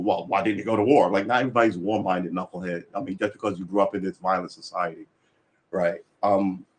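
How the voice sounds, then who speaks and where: A man chatting casually on a livestream, rambling and swearing, acting out little quoted exchanges as he goes. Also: fairly low pitch.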